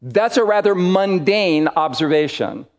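A man preaching a sermon in an emphatic, deliberate way, with dramatic pauses between phrases. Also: sits high, expressive, long reverb tail.

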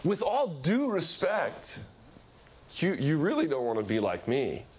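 Calm adult male ballplayer, measured and firm, as a preacher voices him. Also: on the high side, a little hiss or hum. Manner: measured, gently corrective.

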